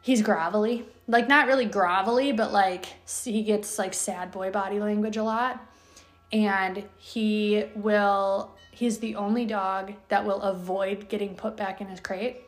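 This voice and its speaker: A woman's voice: medium pitch, steady tone, a little slow. A woman hosting a podcast, telling dog stories in a blunt, casual way and swearing freely. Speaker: podcast host, dog owner.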